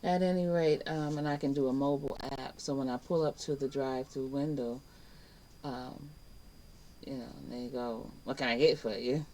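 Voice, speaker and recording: A woman's voice: rumbling low, steady tone, normal speed, dark tone, slight background noise, rough recording. A woman teaching a casual online life skills class, chatty and emphatic, acting out little exchanges. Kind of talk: casual spoken lesson to camera.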